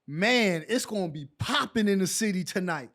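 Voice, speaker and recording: A man's voice: sits high, moderate pace. A former pro basketball player, a man from New York, telling stories in a casual chat and acting out the quotes. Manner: animated, acts out quotes in a raised voice. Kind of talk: casual storytelling.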